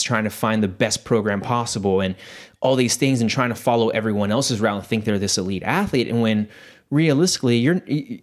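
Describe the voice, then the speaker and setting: A man with a mid-range voice who talks quickly and keeps restarting his sentences as he hosts a casual podcast chat. He sounds animated and eager, piling one point onto the next. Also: on the low side. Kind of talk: casual conversation.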